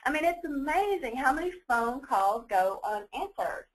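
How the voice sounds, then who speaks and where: A woman leading a phone-skills training webinar, chatty and quick, laughing now and then. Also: sits high, lively intonation, rough recording. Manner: fast-talking, chatty, laughs often.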